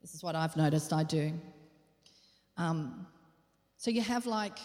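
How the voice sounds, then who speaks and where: A woman's voice: sits low, measured pace, a little mellow. A woman preaching a sermon in an earnest, questioning way, repeating phrases for emphasis. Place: church hall. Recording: long hall reverb.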